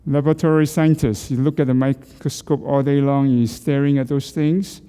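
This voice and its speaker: A man's voice: mid-range voice, fairly even intonation, normal speed, dark tone, clean tone, in a large hall. A middle-aged man leading a group through neck exercises. He coaches, asks questions and jokes with the class. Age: middle-aged or older. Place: church hall.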